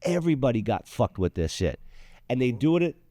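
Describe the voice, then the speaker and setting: A man's voice: medium pitch, big pitch swings, brisk, mellow, no room sound, clean studio sound. A man hosting a talk show, telling a heated, profane story in casual chat. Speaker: show host.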